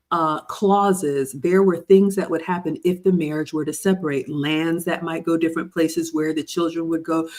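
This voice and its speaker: A woman's voice: low voice, a little mellow. A woman in her forties hosting a livestream, reading viewer comments aloud and riffing on them in casual chat. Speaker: livestream host.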